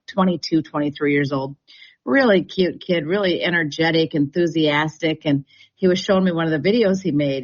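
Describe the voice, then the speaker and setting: Woman, chatty storyteller, lower voice, muffled radio sound. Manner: chatty, storytelling, laughs often. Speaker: real estate agent and radio show guest. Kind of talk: casual radio chat. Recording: dull radio broadcast sound.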